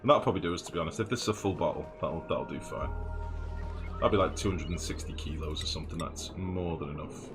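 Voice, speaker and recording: A man with a deep, low-pitched voice talks through his game in a casual, thinking-aloud way. He mutters figures to himself and throws in the odd swear word. Game music plays clearly underneath him. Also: fast talker. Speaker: let's play host. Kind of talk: casual gameplay commentary.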